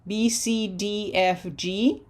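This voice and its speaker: A woman teacher walks learners through pronunciation drills at a slow, deliberate pace. She repeats syllables carefully and keeps asking whether they follow. Her pitch sits in an ordinary middle range. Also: steady tone. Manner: patient, drills syllables slowly with frequent "okay?". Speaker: Spanish teacher. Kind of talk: pronunciation lesson.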